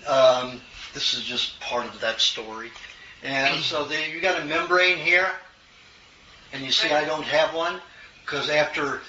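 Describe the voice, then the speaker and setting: An older man from the American South answering questions from an audience in a relaxed, storytelling way, chuckling now and then. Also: medium pitch. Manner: folksy storytelling, chuckles often. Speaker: health lecturer. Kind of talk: casual Q&A talk. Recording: roomy, distant, muffled, noisy room recording.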